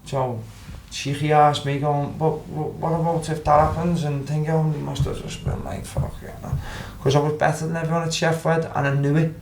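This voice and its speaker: A man's voice: a little high, flat delivery, a little fast, few pauses, a little mellow, a little hiss or hum. A young man with a Scouse accent, a former footballer on a podcast, telling stories casually and acting out the quotes. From Liverpool, England. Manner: swears freely, acts out quotes. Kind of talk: casual storytelling. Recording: roomy with faint background ambience.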